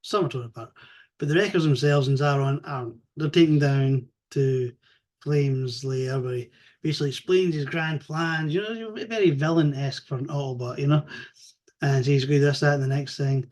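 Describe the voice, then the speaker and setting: A man with a slightly raised voice talks through a comic storyline in a loose, rambling way. He is animated and swears freely, and he keeps slipping into the characters' lines as he goes. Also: on the high side, normal speed. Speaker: comics reviewer. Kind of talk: casual comic recap.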